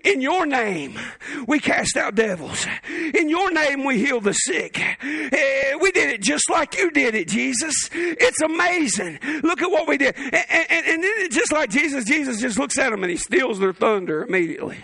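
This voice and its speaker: A man preaching with a very high, gravelly voice and a bright, sharp edge. He swings from shouted peaks to low, joking asides as a pastor in full sermon. The sound is dry and close. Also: expressive, normal speed, no room sound.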